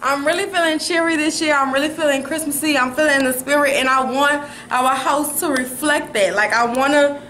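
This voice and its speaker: A woman's voice: high-pitched, steady tone, brisk, hardly any pauses, a bit bright, slight background noise, low-quality recording. A young woman vlogging at home, chatting upbeat to the camera about her plans. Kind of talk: casual chat to camera. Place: at home, indoors. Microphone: handheld camera.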